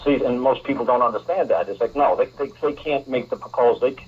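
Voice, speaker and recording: A man hosts a talk radio show and lectures a caller in an emphatic, repetitive way. His voice is husky. The broadcast sounds muffled and lo-fi. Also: mid-range voice, fast.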